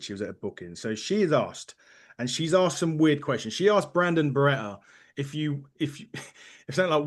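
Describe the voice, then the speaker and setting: A man hosting a wrestling podcast, asking questions in a rambling, friendly way. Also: medium pitch. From United Kingdom. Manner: rambling, friendly, self-correcting. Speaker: podcast host. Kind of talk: casual interview chat.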